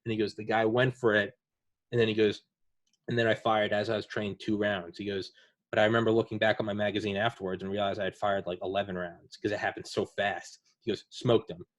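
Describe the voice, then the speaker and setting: A man's voice: lowish voice, level tone, brisk, no echo. A man hosting a casual podcast chat, retelling veterans' war stories in a rambling way with lots of fillers. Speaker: podcast host.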